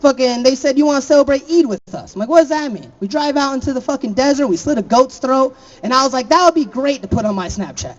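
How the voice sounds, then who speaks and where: A man's voice: extremely high pitch, animated, fast, hardly any pauses, highs cut off. A young man from Florida doing a stand-up set, laughing at his own jokes and throwing chatty asides to the crowd. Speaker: stand-up comedian.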